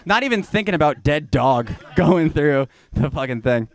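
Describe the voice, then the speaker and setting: Rambling, profane stand-up comedian. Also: male voice, a little high, animated, normal speed. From Georgia, US. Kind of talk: live stand-up set. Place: small comedy venue.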